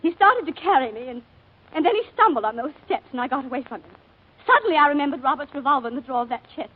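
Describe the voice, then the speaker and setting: An actress in 1940s radio acting, playing a planter's wife who haltingly confesses a shooting and breaks down emotionally. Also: female voice, high voice, animated. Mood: distraught. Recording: narrow-band 1940s radio broadcast.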